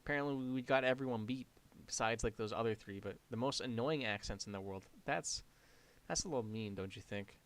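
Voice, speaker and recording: Young Canadian guy, light accent, deadpan and wry, casual stream banter. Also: mid-range voice, brisk. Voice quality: flat, deadpan delivery. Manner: wry, sarcastic reactions. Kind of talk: casual gaming stream chat.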